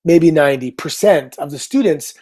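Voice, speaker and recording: A middle-aged man, a guest on a talk show, telling a story in an upbeat, casual way with quick asides. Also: on the high side, slightly rough. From Canada. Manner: lively anecdote teller, upbeat, quick asides.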